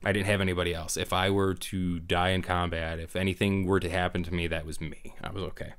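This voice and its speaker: A man's voice: low-pitched, fast talker, clean tone. A middle-aged man, a former Marine, chatting casually on a podcast, acting out voices and laughing as he tells stories. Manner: animated storyteller, acts out voices, laughs often. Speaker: guest, former Marine drill instructor talking about fatherhood.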